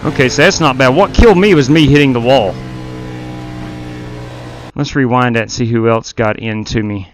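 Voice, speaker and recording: Male stream host calling replays, frank and self-critical, mid pitch, light background hiss. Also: moderate pace, pauses often. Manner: candid, self-blaming, talks as he rewinds replays. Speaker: stream host and league race director. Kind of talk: casual live race commentary.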